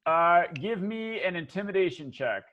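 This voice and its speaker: A man's voice: high-pitched, expressive, normal speed, lo-fi sound, crowd noise. A man running a tabletop game as dungeon master, laughing often and talking loosely with lots of fillers.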